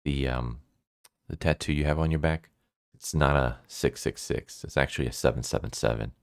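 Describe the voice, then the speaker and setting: Casting: a man doing a laid-back teasing male demon, very deep voice, dry close sound. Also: normal speed, creaky, no room sound. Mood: chummy. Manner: casual, teasing. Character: mocking male demon, later sympathetic and chummy.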